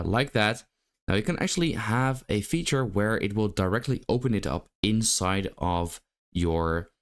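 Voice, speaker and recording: A man hosting a casual tutorial, walking through app steps in a chatty way with lots of fillers. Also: lowish voice. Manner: chatty, step-by-step, frequent fillers. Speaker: tutorial host. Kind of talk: casual screen-recording tutorial.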